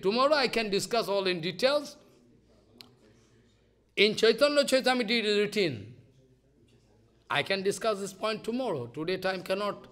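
Animated high-voiced man preaching. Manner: animated storytelling, acts out voices, laughs often. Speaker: spiritual teacher. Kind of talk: devotional lecture.

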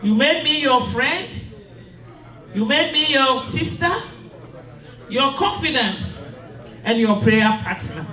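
A middle-aged woman from Ghana, slowly reading a grieving, tearful funeral tribute as a widow. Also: high-pitched, lively intonation, sharp tone. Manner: slow, grieving, tearful delivery. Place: funeral hall. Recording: echoey hall from far off with music.

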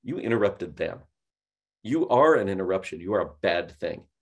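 A man teaching cold calling in a webinar, telling stories with lively quoted dialogue. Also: deep voice, normal speed. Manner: animated storytelling, mimics voices in quoted dialogue. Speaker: sales trainer.

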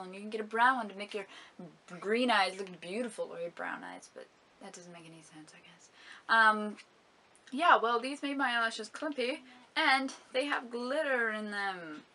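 A woman's voice: fairly high pitch, sharp tone. Chatty, giggly young woman vlogger. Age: young adult. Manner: chatty, giggly, dramatic complaints. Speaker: beauty vlogger. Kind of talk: casual product review vlog.

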